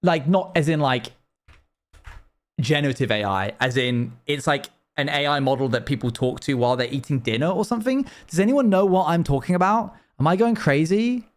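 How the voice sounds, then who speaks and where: A man's voice: fairly high pitch, animated, a little fast. A man live-streaming a game, chatting loosely to his viewers and rambling from one thought to the next. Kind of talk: casual live-stream chat while gaming.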